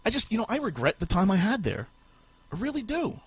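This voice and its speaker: A man on a podcast, ranting in a rage and swearing at every turn. His voice sits high and swings widely from low growls to shouts. The tone is slightly husky and the sound is close and dry. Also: wildly swooping pitch, brisk, dry recording. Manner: furious, swearing, shouting bursts. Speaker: podcast host. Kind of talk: profane ranting podcast talk.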